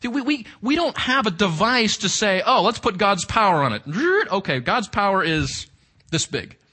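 A man's voice: high voice, sing-song, moderate pace, pushed and bright. A male pastor preaching a sermon with emphasis, reading scripture aloud and asking the congregation rhetorical questions.

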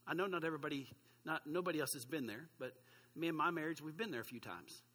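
A male pastor in his forties preaches a sermon, chatty and self-deprecating, tossing asides to the congregation. His voice sits high and bright with a husky edge, carried on a long reverberant hall sound. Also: fast.

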